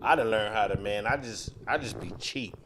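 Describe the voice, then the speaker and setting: A man's voice: fairly low pitch, brisk, fairly bright tone, slight background noise. Laid-back slangy male comic. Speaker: stand-up comedian, podcast co-host. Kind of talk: casual podcast chat.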